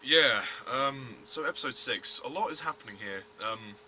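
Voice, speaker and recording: A man's voice: mid-range voice, moderate pace, pushed and bright, a little hiss or hum. A man giving a blunt, rambling review of a TV episode, full of fillers and restarts. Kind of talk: casual review vlog.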